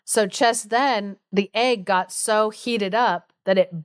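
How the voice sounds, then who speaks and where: A chatty woman co-hosting a podcast, telling a folk tale with frequent giggles and casual fillers. Her voice sits at a middle pitch and sounds smooth and clear. The sound is dry and close. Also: fairly even intonation, slow, dry recording. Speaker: podcast co-host. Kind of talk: casual storytelling chat.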